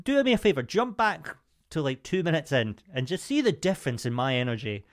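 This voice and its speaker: A man's voice: fairly high pitch, brisk. A man co-hosting a podcast in casual banter, often slipping into comic impressions. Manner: animated, keeps slipping into joke impressions. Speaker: podcast co-host. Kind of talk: casual chat.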